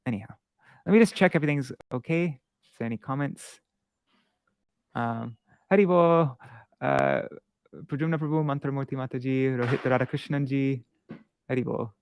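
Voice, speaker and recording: A man teaching Sanskrit verse meter in a casual live-streamed lesson, patient and halting, thinking aloud and chanting syllable patterns slowly. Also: mid-range voice, a little mellow, clean tone, no room sound, studio quality.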